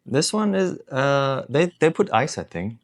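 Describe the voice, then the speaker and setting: A man's voice: mid-range voice, very animated, unhurried. A man who tastes food and makes teasing, dry jokes in casual chat. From Malaysia. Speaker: husband tasting food.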